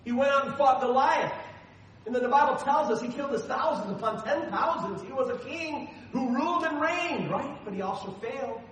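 Brief: male pastor, fairly high voice, emphatic preacher, recorded from afar in a big echoing church. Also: expressive, fairly quick, distant mic, a little hiss or hum. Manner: emphatic preaching, swinging between loud stresses and soft asides. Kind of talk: sermon. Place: church sanctuary. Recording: very echoey hall, voice from afar.

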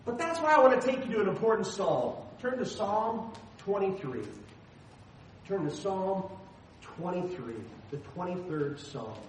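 Brief: male pastor, fairly high voice, emphatic preacher, recorded from afar in a big echoing church. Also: expressive, measured pace, distant mic, a little hiss or hum. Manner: emphatic preaching, swinging between loud stresses and soft asides. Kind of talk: sermon. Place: church sanctuary. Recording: very echoey hall, voice from afar.

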